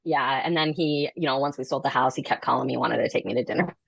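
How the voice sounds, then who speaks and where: A woman's voice: rumbling low, fast, gravelly, slightly rough, dry recording. A woman, a real estate agent, telling stories in casual chat and acting out the people she quotes. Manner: animated storyteller, acts out quotes.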